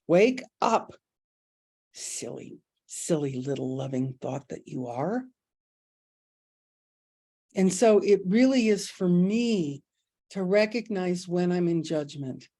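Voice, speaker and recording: A middle-aged woman leading an online spiritual group over a video call, talking in a folksy, expressive way and calling listeners "honey.". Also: mid-range voice. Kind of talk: casual spiritual talk.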